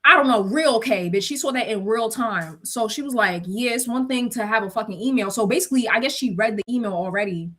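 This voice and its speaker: A young woman telling a work story in casual chat, animated and slangy, laughing often and acting out quotes. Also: brisk, few pauses. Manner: acts out quotes with shrill pleading.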